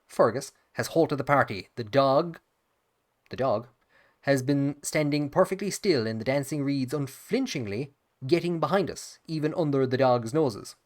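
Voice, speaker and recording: A man hosting a let's play, reading the game's event text aloud and dropping wry, joking asides between passages. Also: medium pitch.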